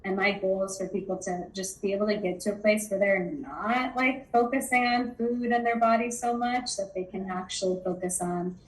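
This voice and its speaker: A woman guest sharing thoughts on intuitive eating in a relaxed, rambling way, with many fillers. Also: mid-range voice, normal speed, few pauses, slight background noise, poor audio. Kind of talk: conversational interview.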